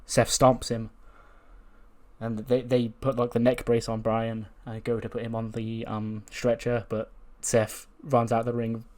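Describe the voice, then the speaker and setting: A man narrating a let's play of a wrestling management game. He recounts the action quickly and excitedly, with casual swearing. His voice sits at an ordinary middle pitch. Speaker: game commentator.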